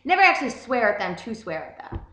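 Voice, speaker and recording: A woman's voice: on the high side, quick pace. Profane young woman telling a story. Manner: profane, animated, swears constantly. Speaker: vlogger. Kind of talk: casual storytelling. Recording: roomy echo.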